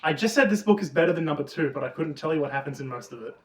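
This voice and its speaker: A man co-hosting a casual book review chat, retelling the plot with lots of swearing and animated energy. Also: fairly high pitch, racing. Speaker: podcast co-host. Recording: roomy, distant mic.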